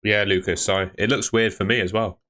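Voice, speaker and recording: A man's voice: on the low side, level tone, fairly quick, a bit bright. A man hosting a casual live stream, chatting and answering viewers' questions, often calling them mate.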